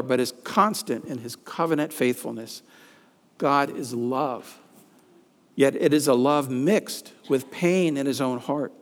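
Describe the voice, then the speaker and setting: Man preaching in a reverberant hall. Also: medium pitch. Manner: reads scripture with rising emphasis. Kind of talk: sermon with scripture reading.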